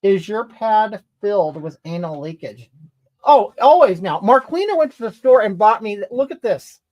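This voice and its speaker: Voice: medium pitch, big pitch swings, moderate pace, darkish tone, lightly acted. A performer voicing a crude, entitled, brash woman, scolding and indignant, rambling at chat in an improvised comedy stream. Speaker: comedy livestreamer reading comments in character.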